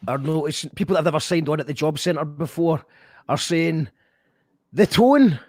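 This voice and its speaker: A man's voice: on the high side, moderate pace, a little mellow, no echo, clean studio sound. A man hosting a casual live-stream chat, talking hesitantly with restarts. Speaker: radio show host.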